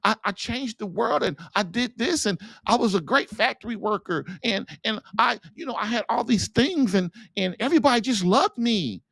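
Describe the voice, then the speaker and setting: A man voicing a flustered woman who stammers out hurried excuses. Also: sits high, lively intonation, gravelly, a bit bright, no echo, full character voice.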